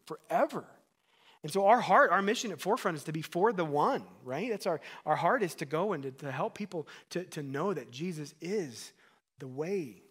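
A man's voice: a little high, slightly rough. A man in his thirties, a pastor preaching a sermon in an earnest, conversational way, asking the congregation questions and adding asides.

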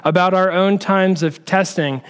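A man's voice: high voice, fairly even intonation, a little slow, clear, resonant tone. A man preaching a sermon in a conversational, storytelling way. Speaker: pastor.

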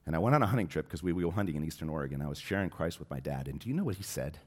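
Low-voiced man preaching with passion. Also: expressive, racing, few pauses. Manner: impassioned preaching, swings from hushed to loud. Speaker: pastor. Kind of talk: sermon.

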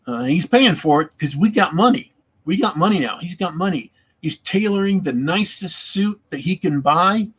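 A man's voice: a little high, husky. A man in casual chat about tabletop gaming, rambling and repeating words as he thinks.

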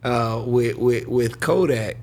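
A man's voice: mid-range voice, takes it slowly, a little mellow, slight background noise. A man co-hosting a podcast in casual chat, with laid-back reactions and jokes. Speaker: podcast co-host.

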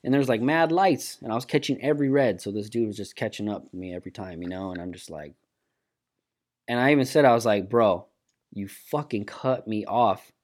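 A fast-talking man with a medium-pitched voice tells a story in casual chat. He swears freely and animatedly acts out what people said.

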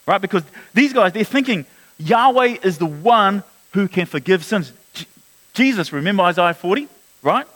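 Preacher, male, high-pitched, earnest sermon delivery with stammered repeats. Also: animated, moderate pace, a bit bright, rough recording. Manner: earnest preaching, rising and dropping, repeats words. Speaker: pastor.

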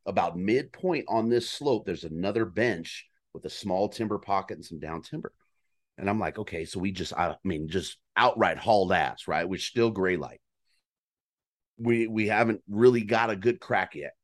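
A man telling a hunting story in casual chat, animated and profane, acting out calls and his own reactions. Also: low voice, normal speed. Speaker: guest storyteller on a hunting podcast.

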